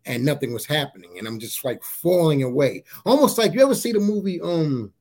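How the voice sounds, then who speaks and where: Man telling his testimony, halting and earnest. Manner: halting, repeats words, often says "you know what I'm saying"; grows animated at high points. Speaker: guest sharing a testimony. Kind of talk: casual spoken testimony.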